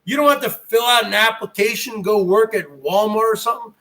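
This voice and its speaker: High-voiced man ranting, slow and bright. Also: poor audio. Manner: ranting, taunting, profane. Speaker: livestream host. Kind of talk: ranting livestream chat. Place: home garage.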